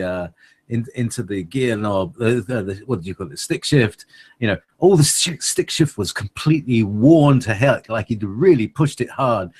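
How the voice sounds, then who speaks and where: A man cohosting a relaxed conversation, talking in long, meandering stretches full of hesitations. His pitch moves a lot, and his voice carries a slight husk. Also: breathy edge. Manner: rambling, hesitant, laughs often. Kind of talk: casual chat.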